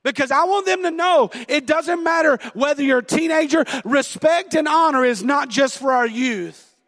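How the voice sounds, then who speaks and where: With a very high-pitched, fairly bright voice at a moderate pace, a middle-aged man preaches a sermon in a Southern American accent. As a pastor, he tells a story about himself and laughs at his own expense. The church sanctuary adds a long hall reverb.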